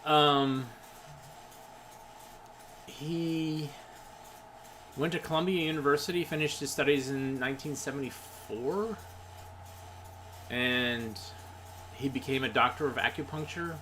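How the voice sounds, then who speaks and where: A man hosting a casual film stream, chatting in a relaxed, rambling way with many fillers. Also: medium pitch, normal speed, a little hiss or hum. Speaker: host. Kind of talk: casual livestream chat.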